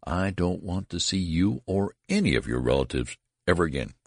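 A man's voice: deep voice, expressive, normal speed, breathy edge, dry recording, studio quality, exaggerated voice. A man voicing an indignant old family doctor who speaks curtly and cuttingly. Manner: cutting, curt.

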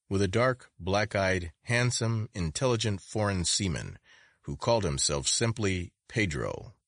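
A man's voice: very deep voice, no echo, studio quality. A man narrating an adventure story as an audiobook, reading expressively with varied intonation.

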